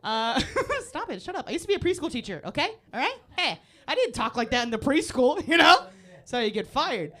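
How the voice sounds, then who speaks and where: A woman doing a live stand-up set on a club stage, brash and profane, breaking into shouts and laughing at her own lines. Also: sits high, sing-song, brisk. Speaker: stand-up comedian. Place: comedy club stage before a live audience.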